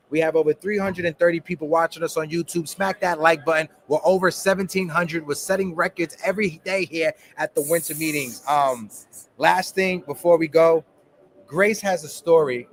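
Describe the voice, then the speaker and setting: A man's voice: a little high, moderate pace, a little hiss or hum. Upbeat man hyping a live stream. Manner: hypes the stream, reads the chat and gives shout-outs. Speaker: co-host. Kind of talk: casual chat, live sports stream. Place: at a baseball convention.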